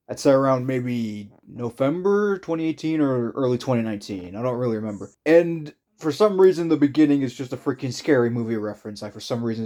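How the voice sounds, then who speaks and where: A young man chats casually over his old videos in an ordinary mid-pitched voice. He rambles and mocks himself, rushing some thoughts and letting others trail off quietly. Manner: rambling, self-mocking, with quick bursts and trailing asides. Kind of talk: casual commentary.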